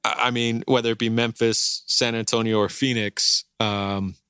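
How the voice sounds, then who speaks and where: A man's voice: medium pitch, level tone, moderate pace, sharp tone, clean tone, no room sound, clean studio sound. A man co-hosting a sports podcast, giving emphatic opinions in casual chat. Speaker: podcast co-host.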